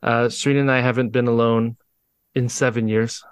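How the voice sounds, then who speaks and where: Male podcast host, mid pitch, dry close sound, halting casual delivery. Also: flat delivery, clear, resonant tone, no room sound. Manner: halting, restarts often. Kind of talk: casual chat.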